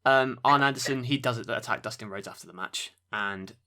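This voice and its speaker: A man co-hosting a casual wrestling podcast, excitable and keeping the talk moving. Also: lowish voice, fairly quick. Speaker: podcast co-host. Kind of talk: casual chat.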